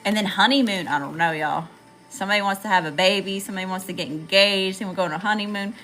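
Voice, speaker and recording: A woman's voice: medium pitch, quick pace, fairly bright tone, soft background music, low-quality recording. A woman with a Southern US accent giving a chatty, slangy live tarot reading to viewers, calling them y'all. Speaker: tarot reader.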